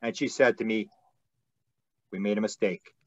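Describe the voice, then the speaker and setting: A man's voice: fairly low pitch, moderate pace, dry recording. Guy host telling a funny story, stammers and laughs a lot, kinda lo-fi dry sound. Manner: animated, laughs often, stammers and repeats words. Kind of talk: casual storytelling on a video call.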